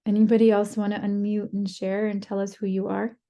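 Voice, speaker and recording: A woman presenter runs an online workshop over a video call, warmly inviting people to unmute and share. Her voice is dark and mellow with a gravelly fry. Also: mid-range voice, monotone, fairly quick. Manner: warm, encouraging, reads participants' chat aloud.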